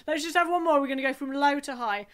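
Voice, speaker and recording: Encouraging woman leading a vocal warm-up. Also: high-pitched, fast. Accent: Scottish. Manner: gentle, encouraging, chatty with light laughs. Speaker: singing group leader. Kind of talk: online vocal warm-up class. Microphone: home recording for video.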